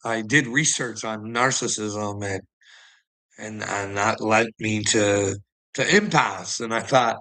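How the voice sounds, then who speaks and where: A man's voice: medium pitch, pushed and bright, rough recording. A man ranting in a casual chat to a friend, agitated and heavy on profanity, laughing often between lines. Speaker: person telling his story.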